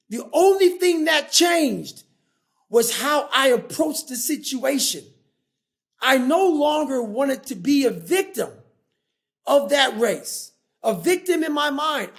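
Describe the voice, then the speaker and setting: Intense, profane man with a high, gravelly voice. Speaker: guest, former Navy SEAL and endurance athlete. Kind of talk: storytelling in a podcast interview.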